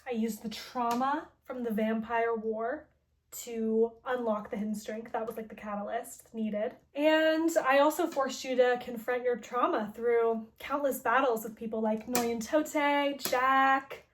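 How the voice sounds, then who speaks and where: A woman voicing a taunting male mad-scientist villain, paraphrasing his lines casually with lots of "like", in a high voice. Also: a little slow, lightly acted. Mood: mocking.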